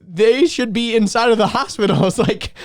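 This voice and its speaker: A man's voice: high voice, moderate pace, no room sound, clean studio sound. A young man co-hosting a casual podcast, rambling and telling stories with lots of filler words. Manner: rambling, many "like" fillers, laughs while storytelling. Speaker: podcast co-host.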